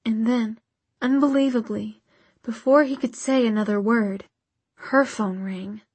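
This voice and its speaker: A woman narrating a novel in a measured, even storytelling manner. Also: fairly high pitch, husky, no room sound. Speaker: audiobook narrator. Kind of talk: scripted narration.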